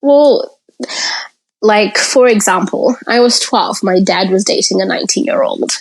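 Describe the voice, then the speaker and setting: On a rough recording, a podcast guest in a mid-range voice talks at a measured pace about growing up. She is frank and open, narrating her childhood in the present tense as personal conversational storytelling.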